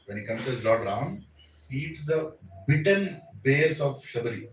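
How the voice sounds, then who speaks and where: A man's voice: medium pitch, very animated, measured pace, slight background noise. A man with an Indian accent giving a sermon, telling a story and acting out its dialogue, with bits of Hindi mixed in. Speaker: preacher. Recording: roomy, distant mic, faint ambience.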